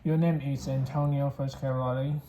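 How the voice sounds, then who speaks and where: A reader voicing a calm, polite detective asking probing questions, in a storybook reading recorded in an echoey room. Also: medium pitch, normal speed, natural voice. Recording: echoey room, faint background hiss.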